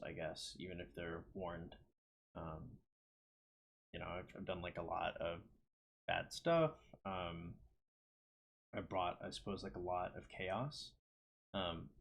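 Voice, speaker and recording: A man talking alone in a reflective monologue, hesitant, with many pauses and restarts. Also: sits low, a bit bright. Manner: hesitant, lots of ums and restarts. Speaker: solo talker reading his own poem.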